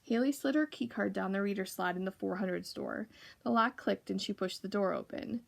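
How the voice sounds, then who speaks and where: A woman reading a children's novel aloud for a library, steady with occasional slips. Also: medium pitch, fairly quick, creaky, a little hiss or hum. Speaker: library reader.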